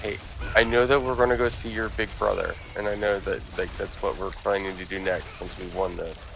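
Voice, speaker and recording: A man's voice: on the low side, level tone, fairly quick, vocal fry, noisy background. A man playing a tabletop game, talking his character's moves through in hesitant, filler-heavy speech. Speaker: player. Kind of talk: casual chat at a game table.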